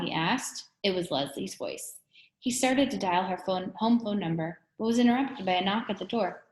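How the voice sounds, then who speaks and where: A woman with a lowish voice reads a children's book aloud, giving each character's line some expression. The recording carries a noticeable room echo. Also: normal speed. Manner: expressive storytelling, acts out the characters' lines. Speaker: reader. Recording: roomy echo.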